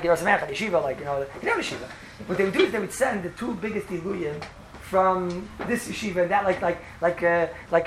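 A man giving an informal Torah talk to students, telling stories in a rambling, animated way with many fillers and laughs. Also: high voice. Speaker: yeshiva lecturer. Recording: echoey room with background noise.

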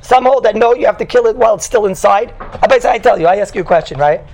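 A man with a high, gravelly, somewhat dark voice speaks quickly, teaching a Torah class to a live group in a teasing, conversational style. He tells stories, mixes in Hebrew and Yiddish terms, and keeps checking in with "right?" The recording is rough, with slight background noise.

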